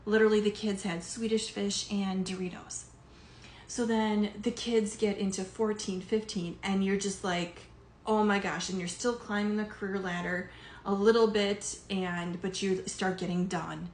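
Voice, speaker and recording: A middle-aged life coach speaks to camera in a casual monologue, her medium-pitched voice a little slow, a little mellow, and fairly even in intonation. She uses lots of fillers and shows some emotion, recorded in an echoey room with faint background noise.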